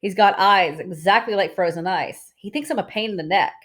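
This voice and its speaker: A woman's voice: mid-range voice, animated, normal speed, lightly acted. A woman voicing a bitter, snapping teenage boy.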